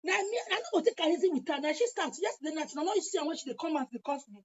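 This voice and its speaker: Nigerian woman going off in an angry taunting rant, super high voice, dull lo-fi sound. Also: lively intonation, very fast, hardly any pauses. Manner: heated, taunting, sometimes shouting. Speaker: vlogger.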